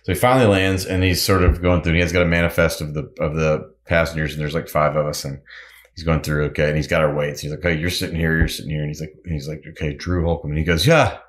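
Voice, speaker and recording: Male guest, low bass voice, loose rambling storyteller, laughs a lot. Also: level tone, fast. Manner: rambling, restarts, laughs often. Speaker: musician and pilot guest. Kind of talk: casual storytelling interview.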